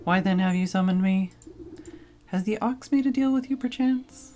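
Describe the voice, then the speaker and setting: A woman's voice: medium pitch, normal speed, warm tone, a little hiss or hum, pitched above the performer's own voice, natural voice. A woman voicing a grand, pompous scarecrow spirit who speaks in an old-fashioned bargaining way.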